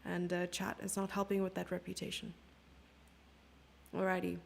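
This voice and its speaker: Chatty woman streaming chess commentary, gravelly. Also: on the low side, monotone, normal speed, a little hiss or hum. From Germany. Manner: chatty, self-mocking, thinking aloud over moves. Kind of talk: casual live-stream commentary.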